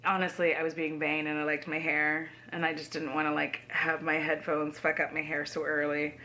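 A woman's voice: sits low, monotone, normal speed, sharp tone, a little hiss or hum. A young woman giving blunt, sassy makeup commentary from home, swearing casually. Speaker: beauty YouTuber.

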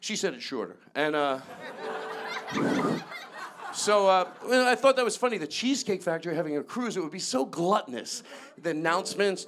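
High-voiced man doing loud stand-up. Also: fairly quick. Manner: loud, animated, chatty with audience and band. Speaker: stand-up comedian. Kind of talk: live stand-up set. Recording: live club set with band music. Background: band music and audience laughter.

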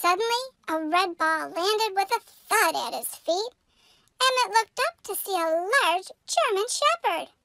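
Pug co-host, high and bright storybook reader. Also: lively intonation, unhurried, gravelly, no echo, exaggerated voice. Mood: calm. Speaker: co-host reading a picture book. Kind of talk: storybook read-aloud.

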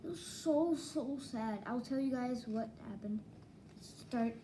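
A woman with a fairly high voice gives a casual spoken manga review. She talks slowly but excitably and keeps reaching for "like" as she rambles along. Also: a little hiss or hum, low-quality recording. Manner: rambling, excitable, heavy use of "like".

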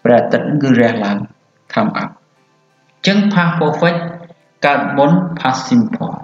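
A man from Cambodia with a Khmer accent teaching English, explaining words and switching languages. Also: mid-range voice. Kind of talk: bilingual language lesson. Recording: roomy, muffled with faint music.

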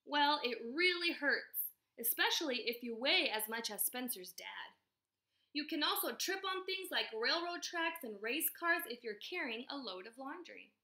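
Casting: woman teacher, high bright voice, storybook read-aloud for little kids. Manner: expressive, pauses to ask questions. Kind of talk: reading a storybook aloud to young children.

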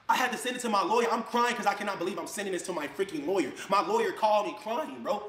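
High, fast-talking man, angry rant, echoey room. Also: lively intonation, fairly bright tone. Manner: angry, rapid, mocking quoted voices. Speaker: influencer addressing critics. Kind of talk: heated ranting video clip.

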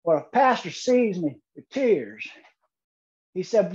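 A man giving a humorous keynote speech, telling a story deadpan with dramatic pauses. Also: high-pitched, highs cut off. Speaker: keynote speaker.

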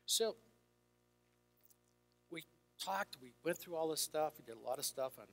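A man's voice: fairly high pitch, expressive, measured pace, creaky, fairly bright tone. An older man, a Christian counselor, telling stories to an audience and acting out the dialogue in shifting voices. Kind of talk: storytelling talk to an audience. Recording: reverberant hall with faint music.

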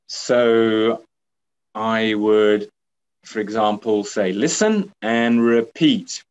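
A man at mid pitch who speaks very slowly and patiently while training teachers. He repeats his points and keeps checking in with his listeners. Now and then he slips into bright, upbeat praise the way a teacher would use it in class. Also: muffled recording. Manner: slow, patient, repeats himself, often asks okay?; acts out lively teacher praise to pupils.

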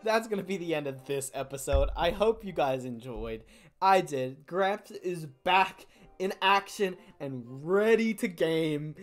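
A woman's voice: low voice, expressive, unhurried. A young woman hosting a gaming channel, giving playful, jokey, self-mocking commentary over her gameplay.

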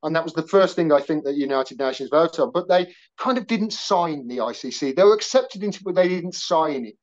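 A man with a West Midlands accent joins a podcast as a guest, speaking in a fairly high voice. He chats in an animated, wryly ironic way. The call audio sounds dull and lo-fi. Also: a little fast. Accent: West Midlands English. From Wolverhampton, England. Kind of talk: casual video-call chat.

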